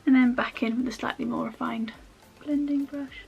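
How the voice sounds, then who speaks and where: Woman with a creaky voice chatting. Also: high-pitched, steady tone, normal speed, darkish tone, highs cut off, soft background music. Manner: rambling, self-mocking asides while working. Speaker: makeup vlogger. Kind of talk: chatty makeup tutorial. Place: at home.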